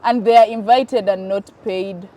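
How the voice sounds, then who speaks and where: A woman's voice: mid-range voice, fairly even intonation, measured pace, dark tone. A woman answering interview questions about her online content, emphatic and a little defensive, often repeating her points.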